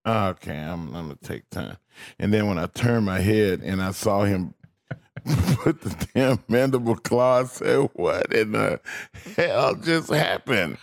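A man's voice: lowish voice, a little slow, vocal fry, darkish tone. A man co-hosting a radio show, telling stories in a wry way with bursts of mock outrage. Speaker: radio co-host. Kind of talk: casual radio sports talk.

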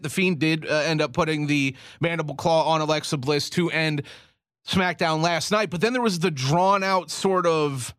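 A man co-hosting a radio show, chatting in an animated, excitable way and laughing often. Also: high voice, no echo, studio quality. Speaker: radio co-host. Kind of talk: casual radio sports talk.

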